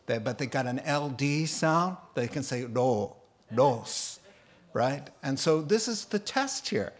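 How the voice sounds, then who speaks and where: A middle-aged man preaching a sermon, animated and often laughing as he mimics accents to make his point. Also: medium pitch, slow pace. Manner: animated, laughing, putting on funny accents for examples. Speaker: pastor.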